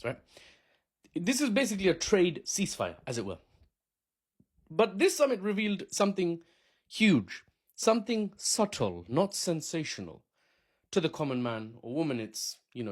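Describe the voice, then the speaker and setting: Chatty, joking male commentator. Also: on the high side. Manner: jokey, chatty, wanders into asides. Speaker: commentary host. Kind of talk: casual solo news commentary.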